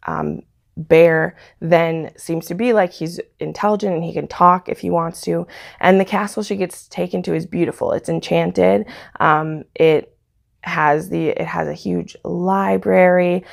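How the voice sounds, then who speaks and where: A woman with a low, strongly gravelly voice chats her way through a book's plot for her review vlog. She rambles casually and fills gaps with "um" and "like". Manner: chatty retelling, frequent "um" and "like". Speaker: book reviewer.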